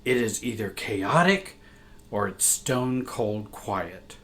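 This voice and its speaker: Slow-reading man telling a sad story. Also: lowish voice, lively intonation, fairly bright tone. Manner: slow, somber, reflective reading. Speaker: family therapist and coach. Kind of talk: reading a personal story aloud.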